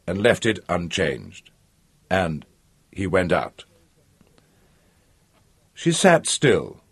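A man narrating a novel in a measured, expressive reading. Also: medium pitch, breathy edge. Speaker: audiobook narrator. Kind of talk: scripted narration.

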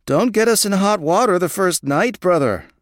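A man's voice: sits high, expressive, moderate pace, dry recording, studio quality, voice pushed up. A man voicing a jovial man in his forties who warns his friend with a smile. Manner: jovial, warning tone. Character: wry middle-aged male scholar, cautious.

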